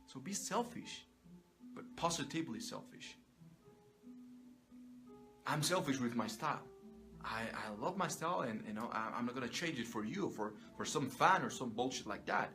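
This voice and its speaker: A man's voice: medium pitch, lively intonation, moderate pace, long pauses, pushed and bright, soft background music. A man giving an emphatic, profane motivational monologue, repeating himself for emphasis. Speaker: motivational speaker.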